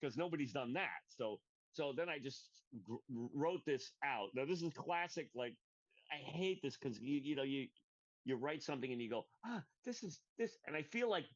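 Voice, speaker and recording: A man's voice: medium pitch, expressive, moderate pace. A male comedian co-hosting a podcast, rambling through loose casual chat and often restarting his sentences. The sound is muffled and lo-fi, and the voice is dry with no room echo. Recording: dull lo-fi sound.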